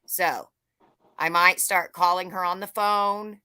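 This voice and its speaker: A woman's voice: on the low side, steady tone, slow pace, sharp tone, clear, resonant tone, no echo. A woman hosting a livestream, chatting casually, joking and greeting viewers by name. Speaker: livestream host. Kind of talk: casual live-chat greetings.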